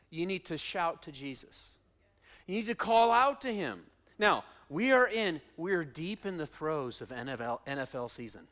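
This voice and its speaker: A man preaching a sermon as pastor, dramatic, acting out quotes and swinging from loud shouting to hushed asides. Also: a little high.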